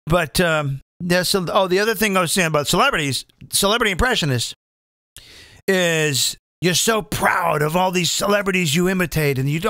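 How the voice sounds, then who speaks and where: A middle-aged man hosting his own show as a comedian and impressionist, talking in a chatty, self-mocking ramble full of quick asides. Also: high voice, bright, forceful tone, no room sound, clean studio sound. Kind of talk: casual rambling monologue.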